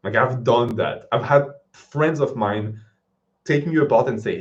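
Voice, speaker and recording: A man's voice: on the low side, moderate pace. A man with a French accent hosting a live-stream Q&A, answering questions in a blunt, offhand way. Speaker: fitness channel host. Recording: dull lo-fi stream audio.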